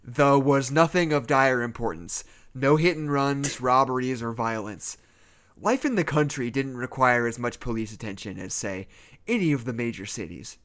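A man's voice: medium pitch, moderate pace, a bit bright. A man co-hosting a comedy podcast, reading a story aloud and breaking off to laugh and joke.

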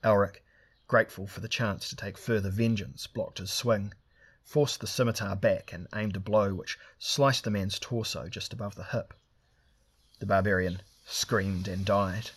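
A man's voice: fairly low pitch, fairly even intonation, unhurried, husky. A man narrating a fantasy story, lifting his voice for the characters' lines. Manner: reads dialogue with raised voices for characters. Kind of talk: audiobook narration.

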